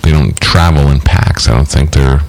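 A man's voice: very deep voice, moderate pace. A man co-hosting a podcast in casual chat, asking curious questions and chuckling along. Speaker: podcast co-host. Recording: online call connection.

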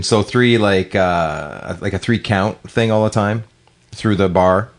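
A man's voice: lowish voice, takes it slowly. A man co-hosting a morning show, chatting casually and often trailing off and restarting his sentences. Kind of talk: casual radio chat.

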